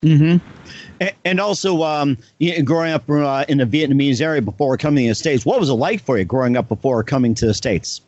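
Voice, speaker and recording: A male show host asks his guest questions, tripping over and repeating his words as he goes. His voice sits a little high, and the sound is dull and lo-fi. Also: a little fast, a little mellow. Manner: stumbling, repeating words when asking questions. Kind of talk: interview host.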